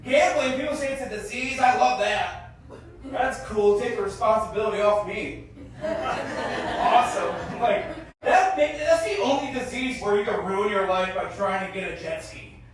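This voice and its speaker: A man in his thirties doing a stand-up comedy set at a festival, animated and bursting into shouted character bits, then dropping into low mumbled asides. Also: a little slow, a crowd in the background. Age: 30s. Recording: very echoey room, mic at a distance.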